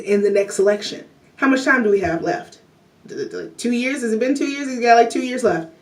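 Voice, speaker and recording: A woman's voice: mid-range voice, a little mellow. A woman vlogger rambling through casual political commentary, full of "you know" and "like," and laughing often. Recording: roomy echo, distant from mic.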